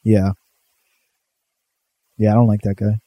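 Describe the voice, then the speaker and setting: A man's voice: on the low side, level tone, slow pace, dark tone, no room sound. A man co-hosting a podcast in casual chat, joking and swearing often. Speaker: podcast co-host.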